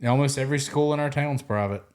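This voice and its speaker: A man hosting a podcast, telling animated stories in casual chat and mimicking other people's voices. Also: mid-range voice, quick pace. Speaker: podcast host.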